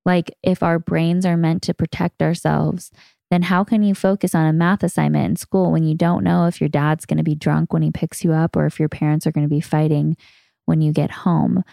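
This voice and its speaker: A woman hosting a podcast, talking casually and earnestly with a hoarse, raspy voice. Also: deep voice, level tone, moderate pace, mellow, dry recording, clean studio sound. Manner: earnest, chatty. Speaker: podcast host.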